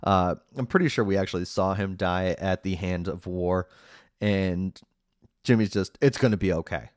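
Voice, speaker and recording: A low-voiced man talks through a plot recap in a loose, rambling podcast style, with fillers piling up between his points. His dry, close sound carries a wry, sarcastic edge as he picks the story apart. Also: steady tone, unhurried, clear, resonant tone, no echo. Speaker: podcast host recapping a movie. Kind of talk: casual spoken recap.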